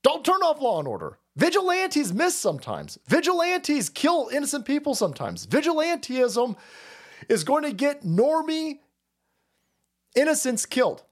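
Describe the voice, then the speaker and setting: Profane ranting man, wildly swinging pitch. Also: wildly swooping pitch, moderate pace. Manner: loud, swearing, laughing, swings from shouts to mutters. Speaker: livestream host. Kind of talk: profane political rant.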